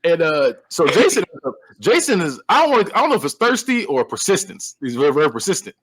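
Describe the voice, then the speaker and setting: A man co-hosting a podcast, casually recapping a film and retelling its scenes with lively, frequent laughter. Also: fairly high pitch, fast, slightly rough. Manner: animated storyteller who acts out characters; laughs often. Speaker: podcast co-host. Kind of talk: casual movie-recap chat.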